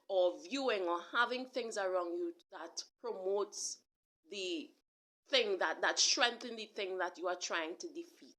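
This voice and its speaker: Bright-voiced woman preaching earnestly. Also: medium pitch. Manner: earnest, repetitive preaching with restarts and direct address. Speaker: self-described prophet and preacher. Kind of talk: casual spoken sermon to an online audience.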